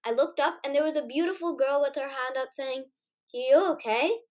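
A woman's voice: sits high, fairly even intonation, fairly quick. Woman telling a dramatic school story. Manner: dramatic, acts out her own dialogue loudly. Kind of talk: first-person story narration.

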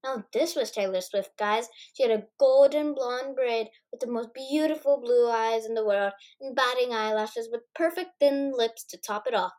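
A woman's voice: on the high side, normal speed, few pauses. A woman narrating a first-person school story with dramatic delivery. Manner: dramatic, acts out her own dialogue loudly.

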